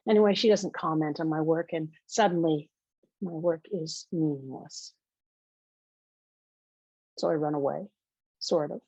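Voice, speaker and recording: A woman, the author, reading her own novel aloud in a measured, intimate storytelling manner. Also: sits low, darkish tone, slightly rough, no room sound, poor audio.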